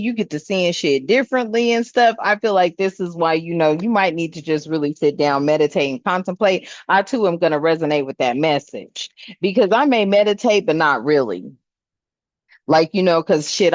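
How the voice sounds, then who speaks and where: A woman's voice: fairly low pitch, no room sound. Lady doing a chill tarot reading, laughing and cussing, kinda muffled dry sound. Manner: laughing, swearing, slangy and animated. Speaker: tarot reader. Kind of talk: casual tarot reading chat. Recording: dull, slightly lo-fi sound.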